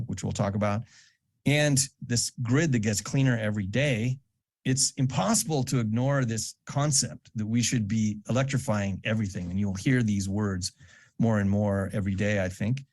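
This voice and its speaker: A man's voice: on the low side, moderate pace, a little mellow. A man giving a conversational educational talk with slides at a church event, explaining step by step and often restarting phrases.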